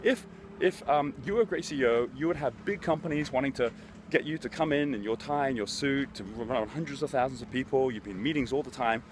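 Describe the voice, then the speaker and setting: A man voicing his adult sister as a blunt, questioning advisor, speaking in his own quick voice. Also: medium pitch, a little hiss or hum, natural voice. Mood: pressing. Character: frank, blunt adult sister giving advice.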